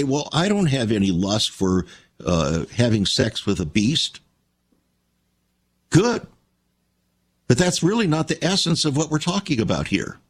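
A man's voice: medium pitch, breathy edge. A man preaching a radio sermon, reading scripture aloud with strong emphasis and calling listeners his friends, then appealing for donations as the ministry's host.

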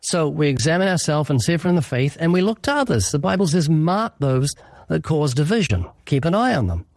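A man's voice: a little high, very animated, fairly quick, a little mellow, no echo, clean studio sound. A man speaking as an evangelist guest in an interview, earnest and emphatic, acting out short quoted exchanges. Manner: earnest, emphatic, illustrates with little acted quotes. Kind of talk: preaching interview answer.

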